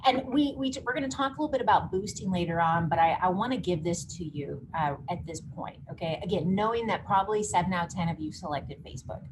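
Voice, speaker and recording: A woman's voice: lowish voice, fast, hardly any pauses. A woman hosting a live online marketing workshop, coaching emphatically. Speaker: workshop host. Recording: noisy background hiss.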